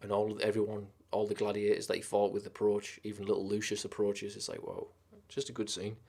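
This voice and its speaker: A man's voice: on the low side, monotone, brisk, warm tone, slightly rough. A man streaming live, chatting casually about films, with lots of swearing and rambling enthusiasm.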